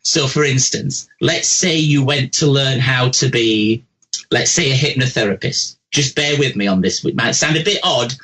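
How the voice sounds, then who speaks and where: Blunt chatty man, bright voice. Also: medium pitch, moderate pace, rough recording. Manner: blunt, chatty, animated, says "bugger off", "bloody", "love", "posh". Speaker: psychic giving caller readings. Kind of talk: live call-in radio chat.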